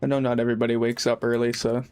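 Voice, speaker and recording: A man's voice: medium pitch, level tone, very fast, darkish tone, clean tone. Laid-back young man streaming a game. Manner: rambling, laid-back, swears freely. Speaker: live streamer. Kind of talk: casual gaming livestream chat.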